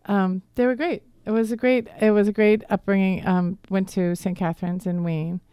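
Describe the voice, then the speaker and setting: Middle-aged woman, Philly accent touched by Boston, rambling radio guest, smooth and dry. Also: mid-range voice, fairly even intonation, moderate pace, mellow, no room sound. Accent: Philadelphia with some Boston. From Philadelphia area. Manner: rambling, friendly storytelling. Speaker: guest, divorce coach. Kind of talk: radio interview. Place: radio studio.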